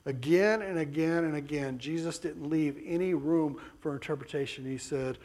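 A man preaching a sermon emphatically, dropping to soft low passages and then rising to raised bursts. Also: normal speed.

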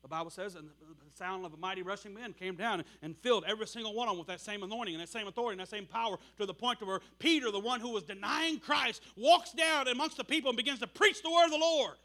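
A man preaching a sermon, telling stories with animated bursts of shouting. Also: sits high, fast, few pauses.

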